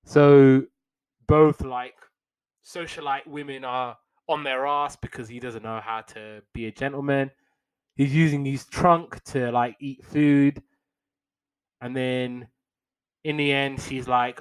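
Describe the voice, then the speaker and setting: A young man hosting a podcast, casually recapping an old cartoon episode with wry slangy asides and quick put-on voices for the characters. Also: mid-range voice, smooth, rough recording. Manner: animated retelling, acts out characters' lines in quick put-on voices.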